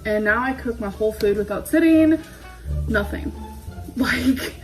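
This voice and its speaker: A woman's voice: a little high, unhurried. A young woman vlogging as she cooks in her kitchen, rambling in a loose, casual way, a little out of breath. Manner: rambling, heavy use of "like"; talking while cooking at the stove. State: slightly out of breath. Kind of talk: casual vlog talk to camera. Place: home kitchen. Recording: echoey kitchen with background music.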